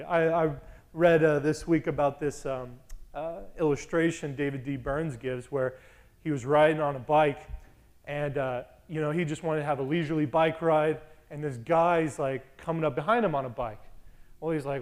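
Animated man preaching a casual sermon. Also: fairly high pitch, brisk. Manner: conversational, animated storytelling with asides.

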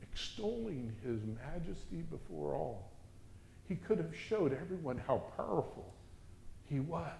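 A man's voice: a little high, big pitch swings, measured pace, vocal fry, a little hiss or hum. Impassioned male preacher in an echoey room. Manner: dramatic swings from loud exhortation to hushed reverence. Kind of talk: sermon.

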